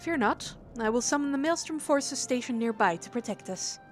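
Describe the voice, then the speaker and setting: Woman reading as a poised game scholar, formal and measured, fairly high voice. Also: lively intonation, faint music behind, natural voice. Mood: thoughtful. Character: calm, learned female scholar.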